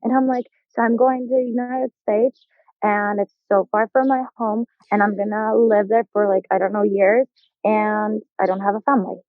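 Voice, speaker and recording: A young adult woman from Turkey with a Turkish accent, a podcast guest telling an animated story and acting out the people in it. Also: medium pitch, normal speed, no echo. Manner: animated, acts out quoted voices, laughs often. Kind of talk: casual interview storytelling. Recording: tinny phone-like line, dry.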